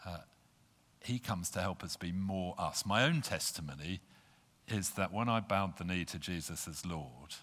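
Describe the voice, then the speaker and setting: A man's voice: low-pitched, expressive, a little slow, fairly bright tone. A man preaching an earnest sermon to a congregation, reading scripture aloud. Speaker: pastor. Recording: long hall reverb.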